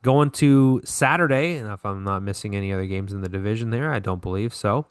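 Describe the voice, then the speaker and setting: A man's voice: lowish voice, fairly quick, smooth, no room sound, clean studio sound. A man co-hosting a podcast, recapping hockey scores in a casual way and correcting himself with lots of fillers. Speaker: podcast co-host.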